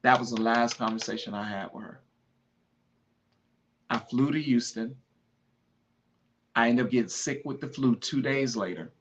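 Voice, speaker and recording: A man hosting a podcast, urging listeners to honor their mothers and telling the story of losing his own, by turns fervent and hushed with grief. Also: medium pitch, normal speed, long pauses, highs cut off, slight background noise. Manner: impassioned, pleading, then hushed and grieving. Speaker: podcast host. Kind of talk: emotional personal storytelling.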